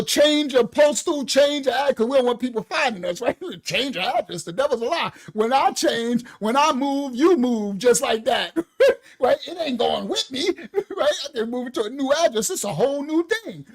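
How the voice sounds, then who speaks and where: A man hosting an online show, giving animated comedic commentary, often laughing and acting out little quoted exchanges. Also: extremely high pitch, poor audio.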